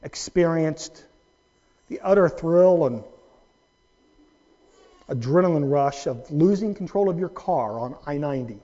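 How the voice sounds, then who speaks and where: A man preaching a sermon as pastor, dramatic, moving from hushed, low-volume lines to loud, raised emphasis. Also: lively intonation, a little slow, long pauses, lo-fi sound. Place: church sanctuary.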